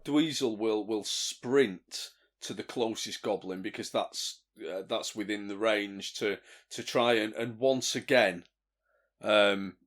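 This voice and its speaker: Slow bright-voiced player. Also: male voice, lowish voice. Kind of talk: casual tabletop chat.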